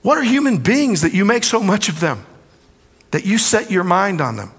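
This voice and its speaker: A middle-aged male preacher giving a sermon, swinging from loud pleading quotations to hushed asides. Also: high-pitched, sing-song, moderate pace, husky, in a large hall.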